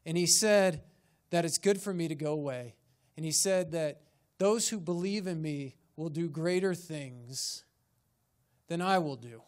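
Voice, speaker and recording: Pastor, male, fairly high voice, preaching with rhetorical questions and building emphasis. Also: measured pace. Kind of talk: sermon. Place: church sanctuary.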